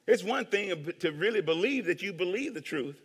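A man preaching a sermon as pastor, animated, acting out voices and swinging between hushed asides and shouts. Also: high voice, moderate pace, slightly rough. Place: church hall with long reverb. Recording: reverberant hall.

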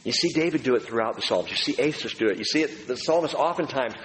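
A man preaching a sermon in a lively, animated voice that swings up and down in pitch. As a pastor, he acts out the voices he quotes. His voice carries a long reverb through a hall, with faint room noise behind it. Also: fast.

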